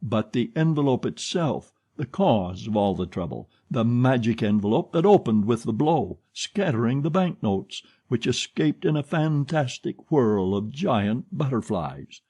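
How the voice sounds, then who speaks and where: A man narrating a classic novel as an audiobook, with a lively, expressive reading. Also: medium pitch, a little slow, hardly any pauses, slightly rough. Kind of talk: scripted narration.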